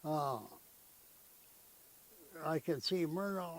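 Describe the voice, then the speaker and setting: A man's voice: fairly high pitch, slow pace, long pauses, rough recording. An older man, telling family stories in a rambling, folksy way and often tagging his sentences with "eh?". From Canada. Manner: rambling, folksy storytelling with frequent "eh?" tag questions. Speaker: interviewee. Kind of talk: storytelling in conversation.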